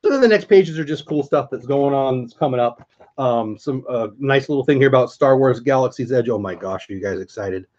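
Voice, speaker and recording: Casting: enthusiastic male vlogger, mid pitch, chatty livestream host, slightly dull lo-fi audio. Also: lively intonation, a little fast, darkish tone. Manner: chatty, enthusiastic, greets chat viewers by name. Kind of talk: casual livestream chat.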